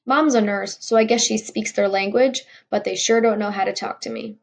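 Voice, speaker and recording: A woman's voice: mid-range voice, fairly even intonation, normal speed, creaky. A woman reading a novel aloud in a wry first-person storytelling voice. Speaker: audiobook reader.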